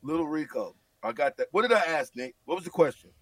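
A man bantering on sports radio, teasing and animated, his voice swinging from loud bursts to low mutters. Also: quick pace, no echo, far from the mic.

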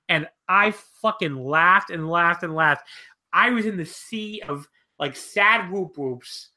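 A man chatting casually on a podcast, his voice bright and tense. He swears a lot and breaks into laughter as he tells his story. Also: a little high. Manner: profane, cackling storyteller. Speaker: wrestling podcast speaker.

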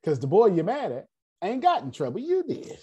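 Man running a class with a dark, husky voice, digressive storyteller. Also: sits high, fairly quick. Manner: animated, digressive, addresses the audience directly. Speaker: class leader. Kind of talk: casual teaching and storytelling.

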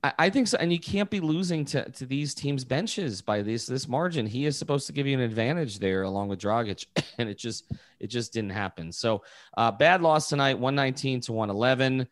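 A man's voice: medium pitch, lively intonation, fairly quick, no echo, studio quality. A man co-hosting a sports podcast, giving blunt, frank basketball analysis in casual chat. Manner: blunt, frank verdicts on the team.

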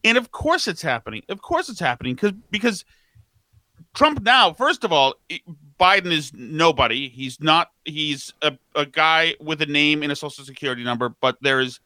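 Bright-voiced, mocking male co-host. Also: fairly high pitch, lively intonation, normal speed, no echo. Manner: emphatic, mocking commentary. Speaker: radio show co-host. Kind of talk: political talk show commentary.

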